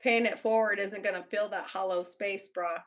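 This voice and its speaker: A woman's voice: mid-range voice, steady tone, moderate pace. A young Texan woman chatting casually with viewers on a live stream, blunt and loose, swearing and laughing often. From Texas. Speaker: YouTuber.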